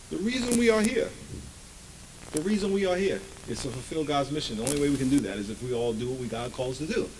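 A pastor preaching a sermon, swinging between loud bursts and hushed asides. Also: male voice, on the high side, slight background noise, poor audio.

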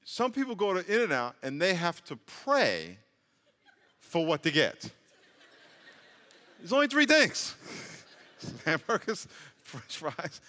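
A male pastor delivers a sermon in a large church hall full of long reverb. His high, bright voice moves in an easy, joking manner that rises to emphatic peaks.

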